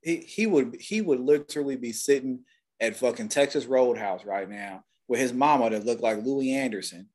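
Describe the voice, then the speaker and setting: A man's voice: mid-range voice, normal speed, darkish tone. A man co-hosting a podcast, talking in a blunt, heated and profane way. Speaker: podcast co-host. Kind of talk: casual opinionated chat.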